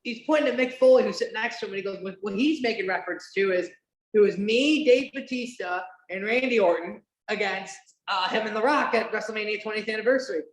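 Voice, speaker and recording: A woman's voice: medium pitch, fast talker. A woman hosting a casual podcast, rambling with many fillers and restarts and casual swearing. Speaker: podcast host. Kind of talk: casual chat, watch-along podcast. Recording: roomy echo.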